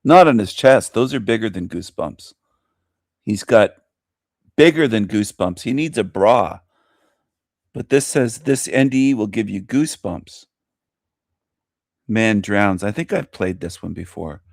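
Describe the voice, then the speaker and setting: A man's voice: fairly low pitch, unhurried, pauses often, no room sound, clean studio sound. A man hosting his own show, commenting on a video he plays, scornful and mocking as he rants. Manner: scornful, mocking, animated ranting. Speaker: host.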